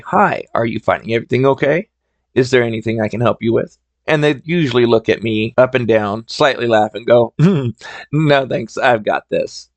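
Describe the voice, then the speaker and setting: A man with a drawl tells stories on his own podcast in a relaxed, chatty way. His voice sits at a middle pitch, and the recording is close and dry. He sounds conversational and easygoing. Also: dry recording. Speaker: podcast host. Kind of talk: solo storytelling podcast.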